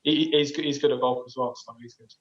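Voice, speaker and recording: A man's voice: mid-range voice, fast. Modest young man on dull audio. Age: 20s. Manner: relaxed, modest, hesitant with restarts. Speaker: professional footballer. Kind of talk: casual interview answers.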